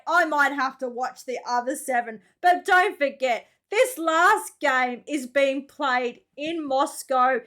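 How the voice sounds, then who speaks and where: Bright high-voiced Australian woman. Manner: chatty and exclamatory, slangy, laughs often. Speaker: reaction video host. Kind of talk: casual reaction commentary.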